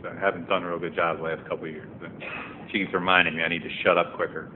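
Racing along in a low, level voice, a man gives personal testimony about his recovery in a meeting room. Earnest at first, he builds to emphatic, impassioned stretches; the audio is tinny, like a phone, with faint noise.

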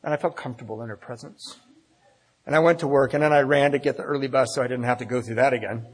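A man's voice: medium pitch, quick pace, husky. A man telling a personal story live in a candid, wry, self-deprecating way. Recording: long reverb in a large hall.

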